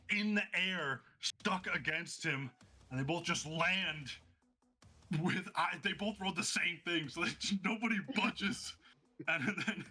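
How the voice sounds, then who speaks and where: Excitable man narrating a tabletop fight. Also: on the high side, husky. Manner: excitable, laughing, vivid play-by-play. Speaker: game master.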